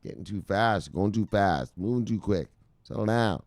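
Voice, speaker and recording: A man with a deep voice runs a casual crypto news show, swinging his intonation up and down as he gets worked up. He swears freely and keeps calling his viewers brothers. The sound is dry and close. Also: moderate pace, no echo. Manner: animated, profane, talks to viewers as brothers. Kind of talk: excitable casual news commentary.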